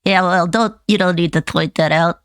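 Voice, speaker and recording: A woman voicing a gruff, wisecracking male hand-puppet duck with a stuffy, nasal voice like a head cold. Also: on the low side, steady tone, moderate pace, no room sound, studio quality, natural voice. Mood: cheeky.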